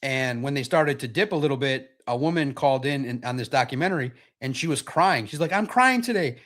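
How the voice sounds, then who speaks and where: A man hosting a sports podcast live stream, chatting casually in an animated, repetitive way with frequent restarts. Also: medium pitch, a little fast.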